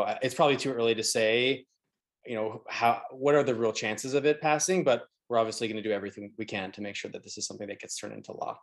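A man who is a guest on a podcast, giving measured, hedging answers with fillers. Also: medium pitch. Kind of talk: casual conversational interview.

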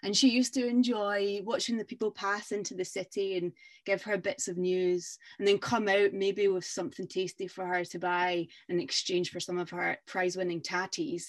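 A woman telling a short folk tale aloud, in a lively, conversational way with small hesitations. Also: mid-range voice, moderate pace. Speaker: storyteller. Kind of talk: oral storytelling.

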